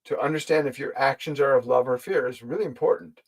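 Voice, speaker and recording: Fast-talking and medium in pitch, this man is heard on poor audio as he hosts a live spiritual stream. A spiritual teacher and channel host, he speaks gently and directly to viewers, earnestly answering questions and repeating key phrases for emphasis.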